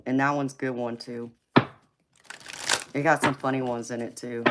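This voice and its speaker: A woman with a very deep voice and a heavy Southern American accent hosts a casual tarot livestream, speaking at a moderate pace with little pitch movement. She's sassy and teasing, laughs often, and calls her viewers honey and baby. Heavy background noise runs under the clip.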